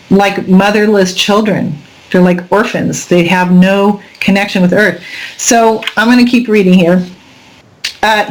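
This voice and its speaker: Middle-aged woman host, mid-pitched voice, reads a text aloud then drifts into earnest, rambling commentary. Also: rough recording. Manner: earnest, rambling asides between read passages. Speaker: radio show host. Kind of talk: reading an article aloud with commentary.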